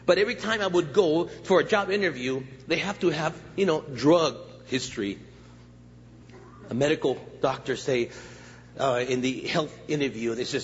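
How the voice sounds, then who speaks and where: An older male guest pastor preaching a sermon with jokes and stories, animated and laughing at his own lines. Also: fairly high pitch, moderate pace. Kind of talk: humorous storytelling sermon. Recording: echoey church hall, dull muffled sound, faint hiss.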